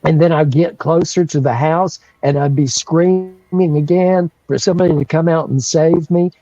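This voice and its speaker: A man's voice: fairly high pitch, steady tone, moderate pace, warm tone, dry recording, highs cut off. A man, telling a story on a livestream in a rambling way, with restarts and chuckles. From North Carolina. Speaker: guest storyteller.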